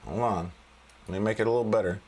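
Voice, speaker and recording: A man's voice: on the low side, fairly even intonation, fast, a little mellow. Folksy, jokey man hosting a trading stream. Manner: folksy and jokey, with frequent restarts and laughs. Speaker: trading coach and livestream host. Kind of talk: casual livestream chart commentary.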